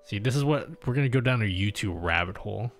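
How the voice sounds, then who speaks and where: A man's voice: fairly low pitch, animated, fast talker. A young Australian man hosting a casual livestream, rambling to his viewers with lots of fillers and restarts. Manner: rambling, self-interrupting with many fillers. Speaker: livestream host. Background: faint music.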